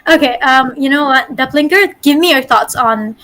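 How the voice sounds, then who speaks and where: A woman's voice: high voice, normal speed, noisy background. A woman game master teaching a casual online voice acting workshop, chatty and full of fillers and restarts over a call mic.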